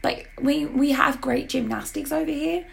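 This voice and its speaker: A woman with a sore throat co-hosts a podcast, chatting casually and animatedly about TV shows. Her voice is high-pitched and creaky at a moderate pace, with a little hiss or hum in the recording.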